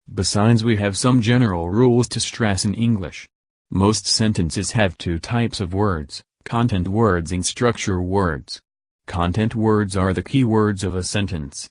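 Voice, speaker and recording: A man explaining English sentence stress in a recorded lesson, slowing to stress his example words. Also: on the low side, a little mellow, no echo, clean studio sound. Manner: slow, deliberate word-by-word emphasis on examples. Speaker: English teacher.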